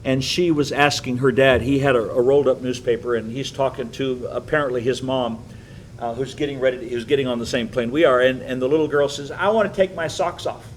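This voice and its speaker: An older man, a pastor, teaching a Bible study with animated, chuckling storytelling in a church. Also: medium pitch, a little fast, a little hiss or hum, rough recording.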